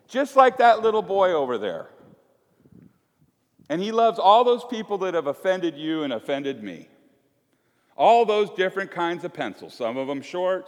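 Joking pastor in an echoey church. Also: male voice, high voice. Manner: chatty and joking, acts out little scenes. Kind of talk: conversational sermon. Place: church sanctuary.

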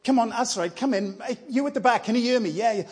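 A man's voice: sits high, sing-song, fairly quick, darkish tone. A man voicing a friendly preacher who calls a crowd in closer, in a chatty, upbeat way. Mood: beckoning.

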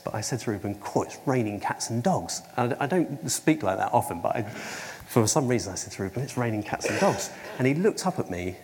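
Speaking in a lowish, somewhat mellow voice, this man delivers a sermon with frequent ums, restarts, and dry jokes at his own expense. Long hall reverb surrounds him, with a little background noise underneath.

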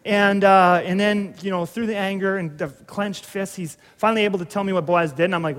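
A man's voice: sits high, fast, fairly bright tone. A middle-aged man preaching a sermon, telling a story in a conversational, humorous way with many restarts. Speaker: pastor. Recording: reverberant hall.

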